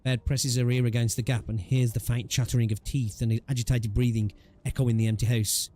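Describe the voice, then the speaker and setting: A man reads a game's story aloud for his channel at a middle pitch. His delivery is straightforward, with casual jokes and asides dropped between lines. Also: flat delivery, brisk, warm tone, a little hiss or hum. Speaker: gaming YouTuber. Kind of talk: reading a game story aloud.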